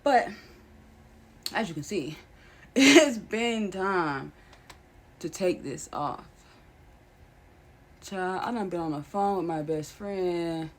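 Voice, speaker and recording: A woman's voice: lowish voice, lively intonation, slow pace, long pauses. A young adult woman, a vlogger, talking to camera in a chatty, slangy, playful way. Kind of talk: casual vlog chat.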